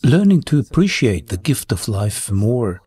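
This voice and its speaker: Male interviewer, kinda husky voice, gentle short questions, sums things up. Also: medium pitch, sing-song, measured pace.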